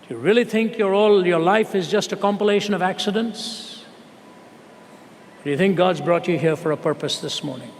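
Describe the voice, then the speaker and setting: An earnest male preacher tells a story and presses his listeners with rhetorical questions, slowing down to stress key words. His voice sits fairly high for a man. The sound rings with the long reverb of a large hall over a faint background hiss. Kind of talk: storytelling sermon. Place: large hall with a live audience.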